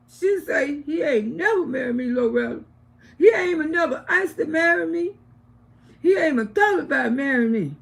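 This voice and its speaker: A woman's voice: moderate pace, vocal fry. An older woman telling stories casually on a livestream, acting out what people said to her. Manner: animated, acts out quoted voices higher and louder. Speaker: livestream host. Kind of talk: casual storytelling to viewers.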